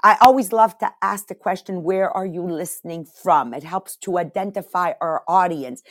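A woman with a French Canadian accent hosting a motivational podcast, talking in an animated, emphatic way and repeating words for effect. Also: lowish voice, normal speed. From Quebec. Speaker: podcast host. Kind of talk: casual motivational talk.

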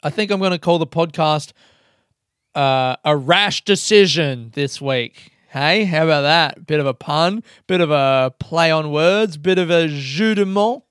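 Profane, excitable man hosting a podcast. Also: a little high, a little slow, smooth, dry recording, studio quality. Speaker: podcast host. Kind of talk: casual chat.

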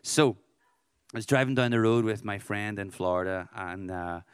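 A man's voice: fairly low pitch, moderate pace, smooth, no room sound, studio quality. A man with an Irish accent, a worship leader giving an informal, conversational talk with joking asides. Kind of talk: informal preaching and storytelling.

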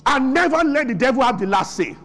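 A man's voice: extremely high pitch, big pitch swings, fast, a bit bright, soft background music. A man preaching a sermon as pastor, asking the congregation questions and answering them himself.

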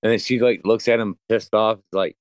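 A man's voice: on the low side, moderate pace, no room sound. A man chatting casually about a movie, rambling and profane as he retells scenes with plenty of fillers. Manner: rambling, profane, animated storyteller. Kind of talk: casual movie recap chat.

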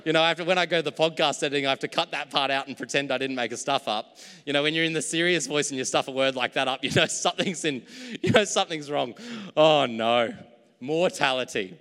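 A man preaching a sermon as pastor, in a relaxed conversational way that pokes fun at his own slips. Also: a little high, fast, clear, resonant tone, in a large hall.

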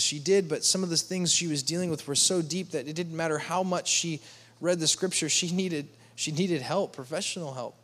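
Earnest higher-voiced male preacher. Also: a bit bright. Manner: earnest, pleading, with quoted voices raised in pitch. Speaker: pastor. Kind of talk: sermon.

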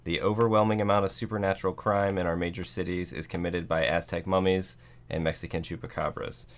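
A man's voice: sits low, little pitch movement, fairly quick, close to an everyday voice. A man putting on a boastful politician's voice while reading from a book. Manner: blustering, boastful reading aloud.

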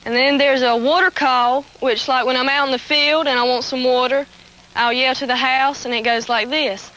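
A woman's voice: high voice, steady tone, normal speed, background noise. A young woman, eagerly explaining the hollers she learned from her family. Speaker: holler contestant. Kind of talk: casual explanation with demonstrations.

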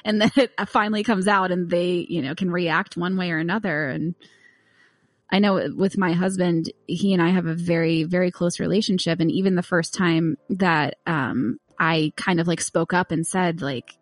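A woman co-hosting a casual chat, who laughs often and retells stories in an animated way. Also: lowish voice, moderate pace, dry recording.

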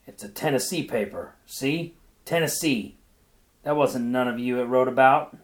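Man doing a gruff backwoods husband, loud, blustering, short-tempered, storybook reading. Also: mid-range voice, normal speed, close to an everyday voice.

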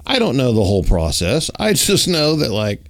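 Animated man telling a story. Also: moderate pace. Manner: animated, acts out dialogue with raised pitch; uses many fillers like "like" and "you know". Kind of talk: casual storytelling chat.

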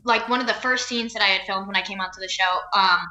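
In a lo-fi, reverberant recording, a young New Jersey actress talks fast in a mid-range, bright, forceful voice with fairly even intonation. She's a chatty interview guest who laughs a lot and leans on fillers like "like" and "um".

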